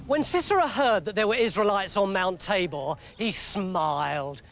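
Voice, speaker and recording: An English man telling a comic story in a lively, mock-dramatic narrating voice. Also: high voice, moderate pace, background noise.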